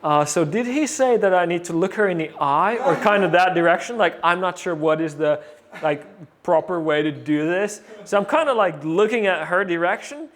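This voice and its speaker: A man as an interview guest, telling a story casually, animated and full of fillers, acting out what others said. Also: high voice, moderate pace. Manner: animated, acts out quoted voices, many fillers.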